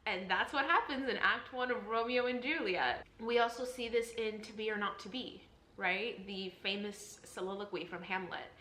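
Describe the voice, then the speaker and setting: Speaking at a moderate pace, a young actress with a bright, forceful, medium-pitched voice leads an enthusiastic Shakespeare-reading lesson for her vlog. She goes step by step, earnest and encouraging, and keeps offering reassurances over a roomy echo.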